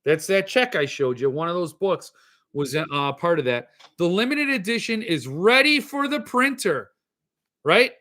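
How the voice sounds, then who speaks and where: A man's voice: sits high, lively intonation, measured pace, pushed and bright. A middle-aged man hosting a casual solo podcast, reading out chat comments and ranting in exasperation. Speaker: podcast host.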